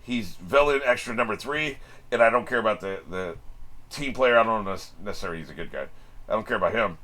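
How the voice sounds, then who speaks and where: A man with a bright, forward tone rattles off casual reaction commentary. His pitch jumps around a lot as he wisecracks, swears freely and chuckles between remarks. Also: animated, quick pace. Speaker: anime reaction channel host.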